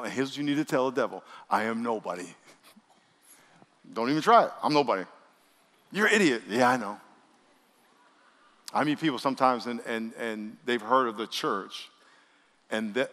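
A male pastor preaching a sermon, leading the congregation in call-and-response and swinging between loud bursts and quiet asides. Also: medium pitch, a little fast, in a large hall. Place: church sanctuary.

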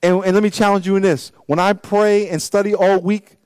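A man preaching a sermon in church as pastor, swinging between loud exhortation and low asides and repeating phrases for emphasis. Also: level tone, fairly quick, smooth, no echo.

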